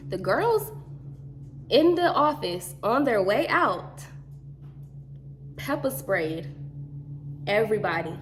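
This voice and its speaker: A woman telling a story in a casual chat, animated and slangy. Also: mid-range voice, slow, pauses often, slight background noise.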